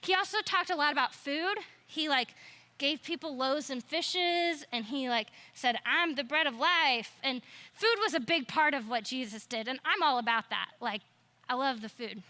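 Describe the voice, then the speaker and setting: A woman's voice: high voice, moderate pace, bright, forceful tone. A woman in her thirties telling a story to a youth group, playful and chatty with jokey asides. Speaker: youth ministry speaker. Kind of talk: storytelling talk with flannel graph.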